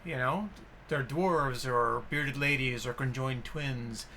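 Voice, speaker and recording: A man hosts a casual film podcast, his voice bright and forward. He retells scenes with animated enthusiasm, acting out bits of dialogue. Faint hiss sits under the recording. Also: mid-range voice, slow. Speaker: podcast host.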